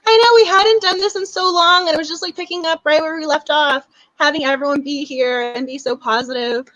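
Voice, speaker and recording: Gushing high-voiced young woman host. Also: steady tone, brisk, a bit bright, no room sound, rough recording. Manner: gushing, effusive and chatty. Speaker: book club host. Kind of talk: casual livestream chat.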